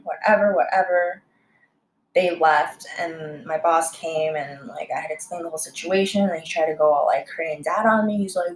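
A woman's voice: normal speed, a little hiss or hum. Heated, profane young woman in an echoey room. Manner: heated, profane, lots of fillers, swings of pitch. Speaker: restaurant server telling a story. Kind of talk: casual storytime monologue.

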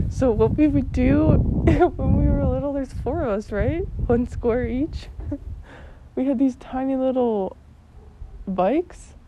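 A young woman from Alberta, Canada, casually telling childhood stories, giggling often and swearing freely. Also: fairly high pitch. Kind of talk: casual storytelling vlog. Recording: dull lo-fi with loud noise.

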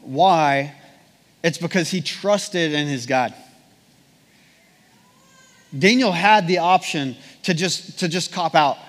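A man preaching a sermon and reading scripture aloud, in an earnest, measured way with repeated phrases. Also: fairly high pitch, a bit bright. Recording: long hall reverb.

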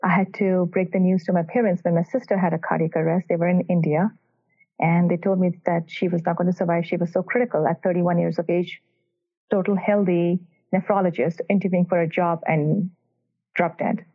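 With a lowish, level voice and a slightly fast delivery, a woman cardiac electrophysiologist answers a podcast's questions. She's earnest and emphatic, recounting stories about her patients, and the sound is tinny, like a phone line.

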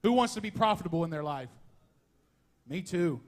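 Animated high-voiced male preacher. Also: moderate pace. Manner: folksy, animated preaching with asides and humor. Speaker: pastor. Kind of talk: sermon. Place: church sanctuary.

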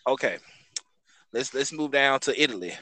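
A man co-hosting a podcast banters casually about cars, swearing a lot and thinking aloud with many ums and hesitations. His mid-range voice has lively intonation, a sharp tone, and a moderate pace, captured on a rough recording.

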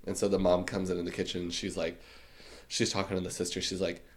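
Low-voiced podcast co-host, man. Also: monotone, fast talker. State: unwell, on antibiotics. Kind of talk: casual chat.

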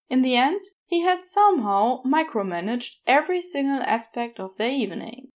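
A woman narrating a fan story as a podfic reader, in a measured, gentle storytelling manner. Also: a little high.

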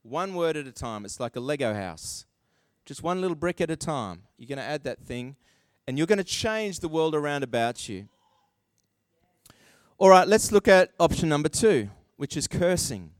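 Male pastor, high and lively delivery, dry close sound, sermon. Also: moderate pace, dry recording. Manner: animated, acts out quoted voices, self-deprecating asides.

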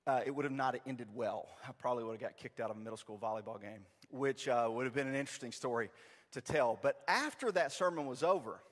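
A man in his forties preaching a sermon, telling a self-deprecating story in a lively, storytelling manner. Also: mid-range voice, quick pace, long reverb tail. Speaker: pastor. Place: church sanctuary.

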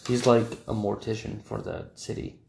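Blunt, enthusiastic man, gravelly mid-pitched voice, casual gaming talk in a roomy space. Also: fairly even intonation, moderate pace, darkish tone, a little hiss or hum. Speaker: tabletop gaming podcast co-host. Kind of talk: casual banter about tabletop games. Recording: echoey room.

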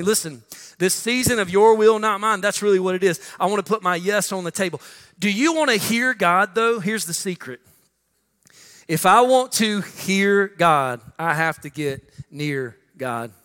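A male pastor preaching a sermon, swinging between loud emphatic lines and hushed ones. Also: high-pitched. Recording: long reverb with faint music.

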